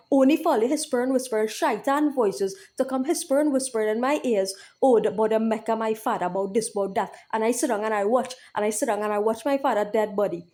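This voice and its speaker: A woman's voice: a little high, mellow. A woman delivering an angry venting monologue, repetitive and emphatic with profanity, who keeps asking "right?".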